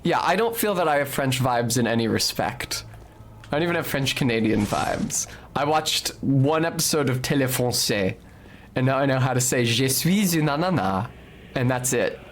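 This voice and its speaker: A game streamer chats casually with his viewers while playing, speaking in a mid-range voice at a moderate pace. His talk is rambling, jokey and profane, with soft music in the background.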